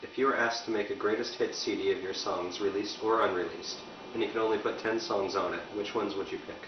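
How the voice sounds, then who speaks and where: A man's voice: fairly low pitch, steady tone, brisk. A man reading out fan questions plainly, recorded from a distance in a roomy space. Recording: distant, roomy, dull recording with faint noise.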